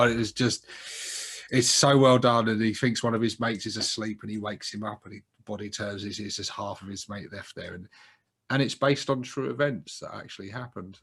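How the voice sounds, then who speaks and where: A man with a lowish, husky voice talking films with a friend in an easy, unscripted chat. He gets animated, laughs a lot and swears without a second thought. The whole thing has the loose feel of two mates chatting. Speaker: podcast co-host. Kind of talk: casual chat about films.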